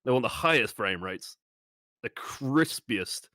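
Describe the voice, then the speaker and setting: A man co-streaming, talking over a match in a relaxed, analytical, wry way. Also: mid-range voice, takes it slowly, dry recording, studio quality. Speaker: co-streaming guest. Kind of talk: casual game-analysis chat.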